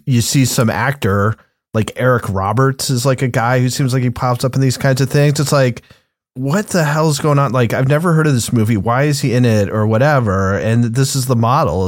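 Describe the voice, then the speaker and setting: A man's voice: medium pitch, dry recording, studio quality. A man on a podcast panel, musing in loose, rambling casual chat.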